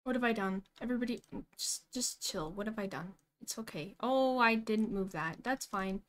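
A young woman streaming a game live, excitable and giggly, talking to herself as she plays. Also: mid-range voice, normal speed.

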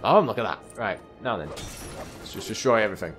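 A young man giving chatty, excitable commentary while playing a video game, often calling his viewers lads and mate. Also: on the low side, a little fast, soft background music. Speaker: gaming channel host. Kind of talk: let's play gameplay commentary.

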